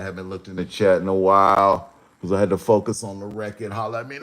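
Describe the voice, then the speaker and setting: A man hosting his own livestream, rambling to his chat in a slow, drawn-out way with sudden animated jumps. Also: sits low. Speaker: rapper hosting a livestream show.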